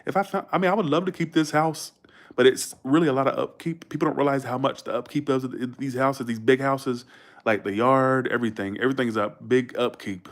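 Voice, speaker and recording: A man from Georgia with a Southern accent, chatting bluntly and quickly to his livestream viewers, swearing freely. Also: mid-range voice, steady tone. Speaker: livestream host. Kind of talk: casual livestream chat.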